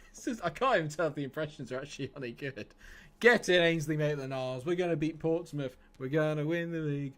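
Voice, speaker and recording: A man streaming a football management game live, chatting excitedly and laughing often. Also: a little high, fairly quick. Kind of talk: casual live game commentary.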